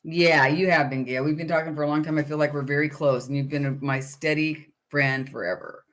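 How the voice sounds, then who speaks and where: A woman's voice: low-pitched, fairly even intonation, brisk. A middle-aged woman hosting a casual live chat with viewers, rambling and chatty with lots of fillers.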